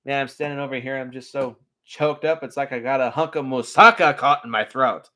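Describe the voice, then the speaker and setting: An actor playing a sarcastic, smooth-talking male god of the underworld in animated film dialogue. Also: mid-range voice, brisk, natural voice. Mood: sardonic.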